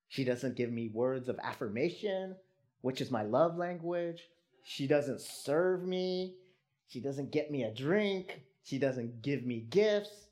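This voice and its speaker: Reflective conversational preacher. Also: medium pitch. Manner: reflective, confessional, asks rhetorical questions; frequent "right?" and "um" fillers. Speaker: pastor. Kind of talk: conversational sermon.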